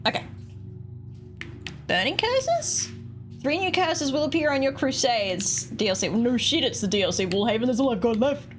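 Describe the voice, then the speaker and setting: A woman streaming a game, chatting casually and jumping into high squeaky tones when excited. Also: normal speed. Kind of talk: casual gameplay commentary. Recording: music playing behind.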